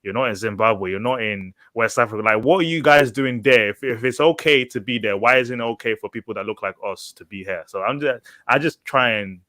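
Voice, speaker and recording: A man chatting on a group podcast, working his points out aloud with fillers and restarts. His voice sits at an ordinary middle pitch. The sound is dry and close. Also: brisk, few pauses, pushed and bright, no room sound. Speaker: podcast co-host. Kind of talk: casual group chat.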